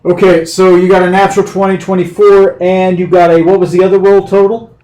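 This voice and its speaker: A man's voice: high-pitched, little pitch movement, fairly quick, warm tone. A man running a tabletop game as game master, explaining rolls and outcomes in a loose, rambling way with many fillers. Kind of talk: running a tabletop game over a video call. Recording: roomy echo.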